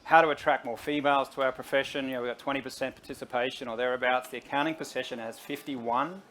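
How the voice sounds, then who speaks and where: A man's voice: mid-range voice, fast talker, a little hiss or hum. A middle-aged man, a CEO guest making his case energetically in an on-stage interview. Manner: energetic, persuasive, talks to the audience directly.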